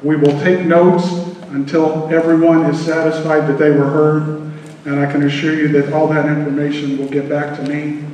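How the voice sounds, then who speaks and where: A man, a Coast Guard officer, giving an earnest, measured speech to a public meeting. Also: on the high side, level tone, a little mellow, slight background noise. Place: large hall at a public meeting. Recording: echoey hall from far off.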